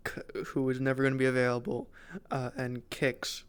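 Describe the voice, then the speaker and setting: A man streaming a roleplay session, chatting casually out of character with excitable, giggly banter. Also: mid-range voice, normal speed, clean tone.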